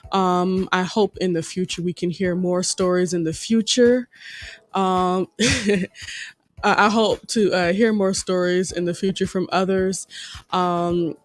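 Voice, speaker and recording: A woman's voice: fairly low pitch, fairly even intonation, takes it slowly, dry recording. A woman co-hosting a relationship podcast with her husband, talking casually with lots of fillers and easy laughter. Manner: chatty, laughs easily, many fillers. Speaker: podcast co-host. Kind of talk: casual conversation.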